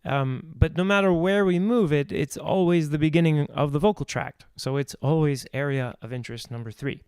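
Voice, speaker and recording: A man's voice: a little high, moderate pace, a little mellow, clear, resonant tone, dry recording, studio quality. A man teaching singing technique on a live stream, explaining ideas aloud with restarts and small sung demonstrations.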